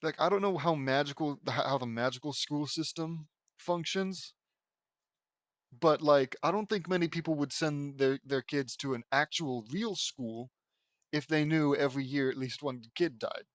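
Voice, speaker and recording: A man's voice: fairly high pitch, moderate pace, dry recording. A young man reading fan fiction aloud as an audiobook, breaking off often into rambling, casual asides.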